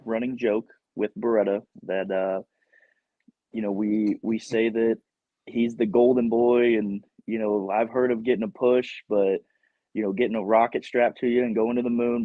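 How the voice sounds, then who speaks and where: A male professional wrestler telling a lively backstage story in a casual interview, laughing often as he talks. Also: medium pitch, no echo. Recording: dull lo-fi recording.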